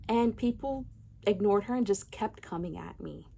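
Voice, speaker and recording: A woman's voice: medium pitch, moderate pace, vocal fry, warm tone, slightly rough. A woman giving heated social commentary, emphatic and ranting, repeating phrases for effect. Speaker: commentary vlogger.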